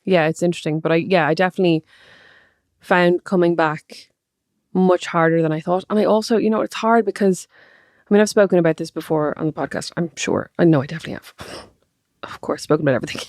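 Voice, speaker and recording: Fast-talking Irish woman co-host. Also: fairly low pitch, a little mellow, no room sound, clean studio sound. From Ireland. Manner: chatty, self-deprecating, laughs often. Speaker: podcast co-host. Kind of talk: casual chat.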